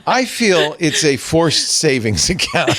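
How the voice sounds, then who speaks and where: Animated male talk show host. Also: high-pitched, takes it slowly. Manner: animated, playful, reads aloud theatrically. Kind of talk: casual tech talk show.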